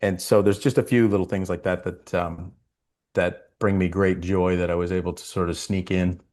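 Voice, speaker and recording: Lower-voiced actor guest, lively anecdote teller, slips into quoted voices. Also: male voice, moderate pace. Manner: animated storyteller, acts out quotes. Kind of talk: storytelling interview.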